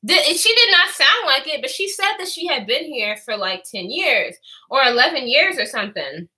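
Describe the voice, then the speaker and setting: This is an animated young woman, spilling a story on her vlog. Her voice sits high and sounds very bright, and it swings widely in pitch as she mimics the people she talks about. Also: moderate pace. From Houston, Texas. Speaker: vlogger.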